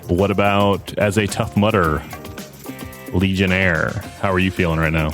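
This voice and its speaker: A man's voice: deep voice, level tone, measured pace, soft background music. A man hosting a podcast interview in a casual, chatty way, often trailing off and restarting. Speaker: podcast host.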